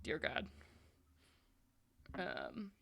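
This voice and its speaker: A woman's voice: extremely slow, fairly bright tone. A woman narrating and explaining rules as game master of a tabletop horror game, in a chatty, explanatory way with many fillers.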